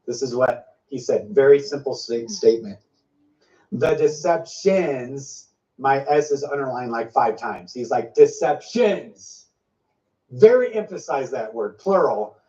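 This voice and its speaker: A man's voice: mid-range voice, expressive, normal speed, few pauses, dark tone. Emphatic man preaching from a distance. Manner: emphatic, piles up repeated phrases. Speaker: preacher sharing a prophetic word. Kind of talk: informal prophetic teaching. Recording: dull, slightly distant lo-fi sound.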